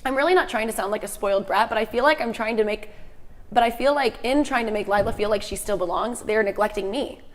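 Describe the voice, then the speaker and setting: A woman's voice: on the high side, quick pace, long reverb tail. A woman co-hosting a casual afternoon show. She chats with her co-hosts and reads a story aloud, often restarting her sentences. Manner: chatty, restarts lines while reading. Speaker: co-host.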